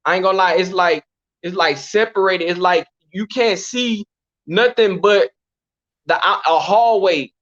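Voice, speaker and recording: Here the Texan guest slows down a little as he tells his prison stories in a casual interview. His high, bright voice stays animated and slangy, and "you know what I'm saying" keeps recurring. The lo-fi recording is dull.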